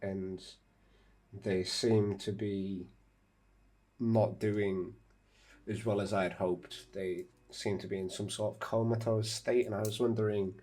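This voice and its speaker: A man playing his character in a tabletop game, hesitant and unhurried, with fillers. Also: deep voice, warm tone. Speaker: player.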